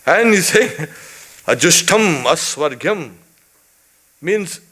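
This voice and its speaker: Slow, lively-toned swami lecturing on scripture. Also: male voice, a little high. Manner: emphatic, rhetorical questions, frequent "you can say" asides. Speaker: swami teaching a weekly scripture class.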